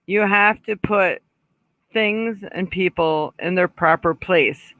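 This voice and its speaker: Her pitch fairly low and her pace unhurried, a female psychic runs a live stream of relaxed chat and card reading, passing along what she calls messages from spirit. Frequent throat clearing and little laughs punctuate her talk. The sound is narrow and tinny, with no echo.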